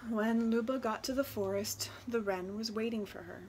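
A woman reading a children's storybook aloud, expressive and unhurried. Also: on the high side, a little hiss or hum. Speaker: children's book reader.

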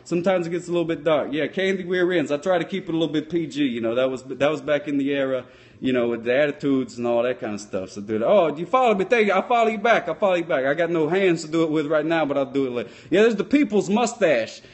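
A man playing a dim, cheerful sock puppet cop, rambling in a folksy, deadpan way and mangling his words in improvised puppet comedy. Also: on the high side, fast talker. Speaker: sock puppet comedian answering live chat.

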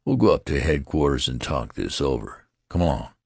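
A man's voice: rumbling low, very animated, moderate pace, creaky, darkish tone, dry recording, clean studio sound, heavily acted. A man reading an audiobook, voicing an imposing artillery colonel who is kindly yet firm. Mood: amused.

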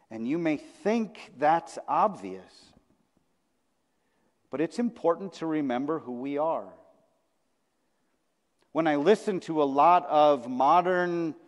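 A male pastor preaches in a church sanctuary, his fairly high voice carried by a long hall reverb. His sermon style is conversational, and he often repeats phrases for weight.

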